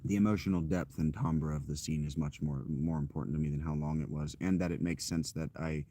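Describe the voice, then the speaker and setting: A man in his thirties chatting casually with his stream while walking outdoors, rambling with fillers and self-corrections in a loud, projecting voice. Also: rumbling low, fairly even intonation, fairly quick, no echo. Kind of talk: casual live-stream chat. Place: outdoors, walking through a parking lot.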